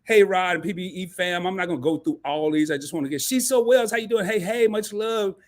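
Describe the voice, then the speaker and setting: Man, high voice, live stream host, energetic, slangy, casual chatter. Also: brisk. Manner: energetic, slangy, calls the audience "baby" and "man".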